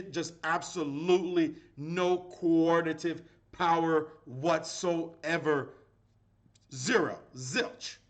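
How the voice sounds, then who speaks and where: Animated, playful male chess commentator. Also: fairly high pitch. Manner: animated, playful, dramatic exclamations.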